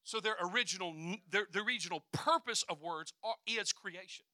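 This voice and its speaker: A man preaching a sermon, swinging from quiet asides to loud declarations and acting out voices. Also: high voice, a little fast, no room sound, studio quality.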